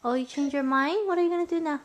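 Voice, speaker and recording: A woman's voice: high-pitched, fast talker, crowd noise. A young mother coaxing her toddler in playful, sing-song baby talk at home.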